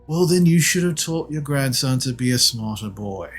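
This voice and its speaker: A man's voice: mid-range voice, lively intonation, moderate pace, faint music behind, voice pushed up, close to an everyday voice. A man voicing a corrupt male city guard who extorts coin with mock-polite threats. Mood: sneering.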